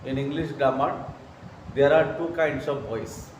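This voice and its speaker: A man teaching an English grammar lesson, talking slowly and repeating phrases, often saying "okay" while writing examples. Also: medium pitch. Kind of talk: slow grammar lesson at a whiteboard. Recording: very echoey room, mic far off, noisy.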